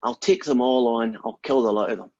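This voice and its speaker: A man's voice: medium pitch, fairly quick, a little mellow, highs cut off, close to an everyday voice. A Scottish man voicing a boastful lone Scottish fighter in a joke, taunting an army. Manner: cocky taunting challenges.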